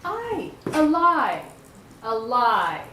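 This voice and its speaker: An actress plays an older mother who is brisk and scolding. Her pitch moves a lot and sits a little high. The stage gives a roomy echo. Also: wildly swooping pitch, background noise, full character voice. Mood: stern. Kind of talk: stage play acting.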